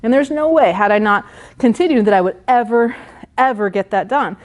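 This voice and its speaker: A middle-aged woman business coach telling a personal story in an animated way, acting out her own past dialogue with lots of "like" fillers. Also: fairly high pitch, fairly quick. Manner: frequent "like" fillers. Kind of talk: storytelling monologue.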